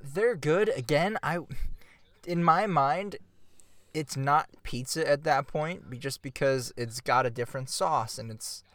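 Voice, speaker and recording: A man's voice: fairly high pitch, a little slow, a bit bright, no echo. A man co-hosting a casual podcast chat, arguing playfully, swearing freely and filling his talk with "like". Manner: blunt, swears, argues playfully. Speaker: podcast co-host.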